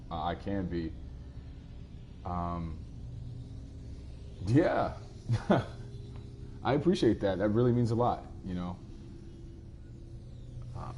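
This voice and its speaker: A man streams a game live, casually chatting with viewers and rambling easily as he answers their comments. His voice is low with a darkish tone, and there's slight background noise.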